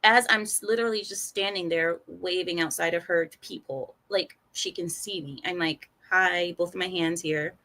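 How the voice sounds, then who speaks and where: A young adult woman telling a personal story in an animated monologue, acting out the other people's lines in quoted voices. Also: fairly low pitch, normal speed, hardly any pauses.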